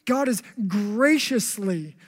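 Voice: mid-range voice, takes it slowly. Preacher with long hall reverb. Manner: conversational, humorous, lively asides. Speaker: pastor. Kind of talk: sermon.

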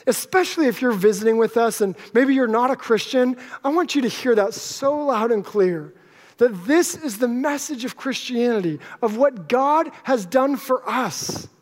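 A man's voice: extremely high pitch, expressive, moderate pace. A male pastor preaching a sermon to a live congregation, conversational and joking with the audience. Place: church sanctuary with live congregation. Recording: long hall reverb.

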